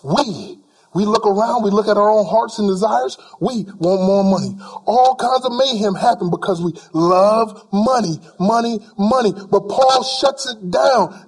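A man's voice: high voice, moderate pace, husky. A male preacher delivering an emphatic sermon, repeating phrases for weight and acting out imagined people in casual speech.

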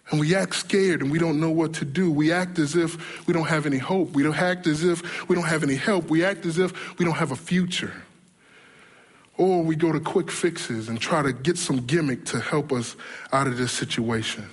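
A man preaching a sermon as a pastor, animated, acting out the whining voices of his congregation. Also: high voice, slightly rough. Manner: animated, acts out imagined voices of churchgoers.

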